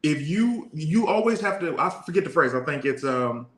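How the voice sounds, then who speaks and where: A man's voice: on the high side, moderate pace. Frank, slangy man in an echoey room. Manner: frank, animated storytelling with slangy asides. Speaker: podcast co-host giving relationship advice. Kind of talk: casual chat.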